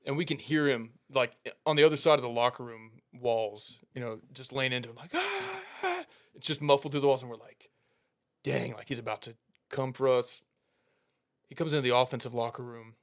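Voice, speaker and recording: Speaking a little quickly in a mid-range voice, this young podcast co-host spins a casual story. He gets animated, acts out what his coaches said, and laughs his way through the punchlines.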